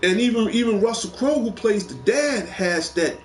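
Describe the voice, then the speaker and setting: Brief: rambling male host, slightly high voice, echoey room, eager, repeats himself. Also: animated, moderate pace, slight background noise. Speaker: show host. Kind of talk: casual chat about movies.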